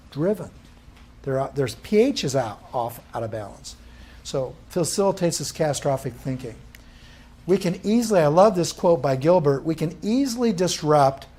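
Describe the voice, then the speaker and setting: A man's voice: fairly high pitch, warm tone. A male instructor giving a live classroom lecture, quizzing the room with questions and answering them himself.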